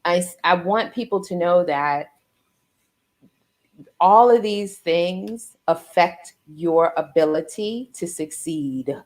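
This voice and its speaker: A woman's voice: fairly low pitch, slow pace, a little mellow. A woman hosting an interview over a video call, earnest and rambling, often tagging her points with "right?". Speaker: host.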